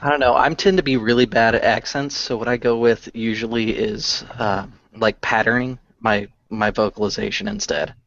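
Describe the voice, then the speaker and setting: A man's voice: medium pitch, fairly even intonation, normal speed, vocal fry, hardly any pauses, a bit bright. An easygoing man chats and pokes fun at himself. His voice sounds dry, with no room echo. The call is dull and lo-fi. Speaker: panel guest. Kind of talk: casual chat.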